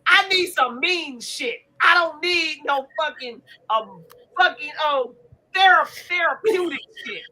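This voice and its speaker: An older woman hosting a casual live stream, loud and profane, often laughing as she trash-talks. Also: high voice, expressive, measured pace, rough recording. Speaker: livestream host.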